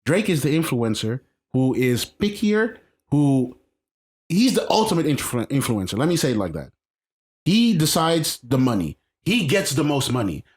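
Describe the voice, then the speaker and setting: His medium-pitched voice swings widely in pitch as he talks at a moderate pace. The man co-hosts a casual podcast, speaking emphatically with repetitions and restarted sentences.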